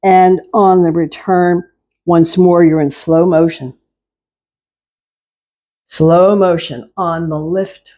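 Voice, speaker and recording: A woman leading a chair yoga class, giving calm, repetitive cues to move slowly and breathe. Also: lowish voice. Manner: slow, calm, repetitive cueing. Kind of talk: guided exercise class instruction.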